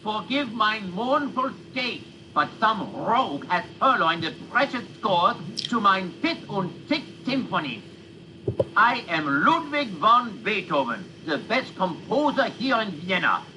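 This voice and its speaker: German-accented composer, proud, hot-tempered, going deaf, theatrical, lively pitch, noisy game audio. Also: male voice, measured pace, heavily acted. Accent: put-on German. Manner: theatrical, booming declarations. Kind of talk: video game character acting. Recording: game audio with steady background noise.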